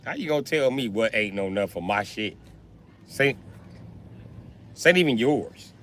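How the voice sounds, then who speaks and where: Man, casual livestream chat, lively pitch, bright forceful voice, profane animated storytelling. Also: moderate pace, a little hiss or hum.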